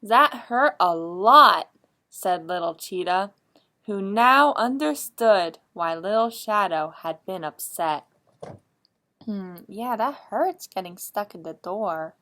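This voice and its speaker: A woman librarian reading a picture book aloud at children's story time, asking the young listeners animated, coaxing questions. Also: mid-range voice, slow. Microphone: streamed live.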